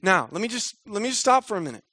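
High-voiced casual young male pastor. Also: very animated, fast talker, bright, forceful tone, dry recording. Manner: casual and joking, acts out voices in quotes. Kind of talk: sermon.

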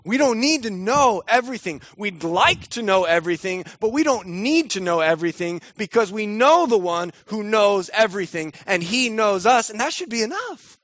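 A man's voice: high-pitched, big pitch swings, normal speed, few pauses, fairly bright tone, dry recording. A young man preaching a sermon in a casual, joking manner, slipping into quoted voices. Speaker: pastor.

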